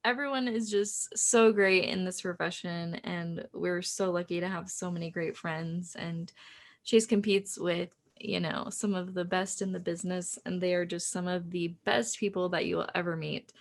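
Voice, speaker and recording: A woman's voice: fairly low pitch, steady tone, moderate pace, gravelly. A woman court reporter chatting casually, giggling often and retelling stories with animation. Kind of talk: casual chat.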